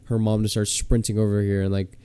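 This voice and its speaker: A man's voice: lowish voice, flat delivery, fairly quick, mellow, clean tone, dry recording. A young man telling a long story on a podcast, rambling and filling it with "like". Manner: rambling, heavy with "like" fillers. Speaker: podcast co-host. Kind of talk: casual storytelling.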